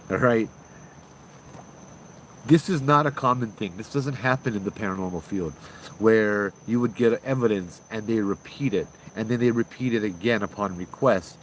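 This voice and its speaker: Low-voiced man telling a ghost story. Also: a little hiss or hum, rough recording. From Hawaii. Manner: rambling, with many restarts. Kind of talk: casual storytelling on a livestream.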